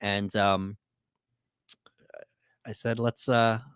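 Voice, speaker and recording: A man's voice: on the low side, level tone, very slow, fairly bright tone, smooth, no room sound, clean studio sound. A man co-hosting a podcast, casually walking through a horror movie in a laid-back way with lots of fillers. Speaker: podcast co-host. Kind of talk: casual movie breakdown chat.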